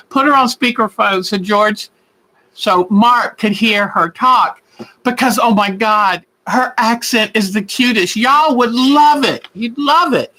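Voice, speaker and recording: A man's voice: sits high, sharp tone, low-quality recording. A man hosting a quilting live stream, chatting in an effusive, gushing way with viewers. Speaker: quilting show host. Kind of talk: casual live-stream chat.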